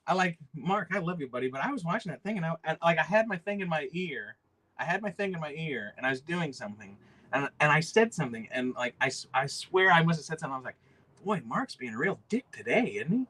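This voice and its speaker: Bright-voiced profane man with a drawl. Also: on the high side. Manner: rambling, profane, reads chat aloud. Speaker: livestream host. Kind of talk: casual livestream chat.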